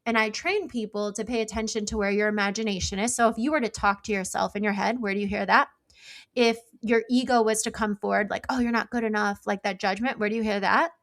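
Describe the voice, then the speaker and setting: A woman's voice: medium pitch, steady tone, quick pace, a bit bright. A middle-aged woman, a psychic guest on an interview show, explaining in an earnest, conversational way with frequent fillers. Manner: explanatory, earnest, uses many likes.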